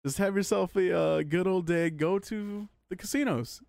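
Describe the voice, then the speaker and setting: A man's voice: sits high, moderate pace, gravelly, darkish tone, no echo. A man co-hosting a casual podcast on a headset, bantering, laughing and swearing freely. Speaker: podcast co-host.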